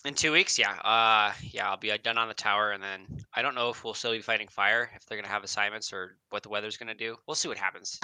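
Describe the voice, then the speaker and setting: A man with a very bright, sharp voice joins a casual podcast as a firefighter. He talks in an easygoing, rambling way, close and dry. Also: lowish voice, steady tone, quick pace, few pauses, clear, resonant tone, no echo. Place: fire lookout tower.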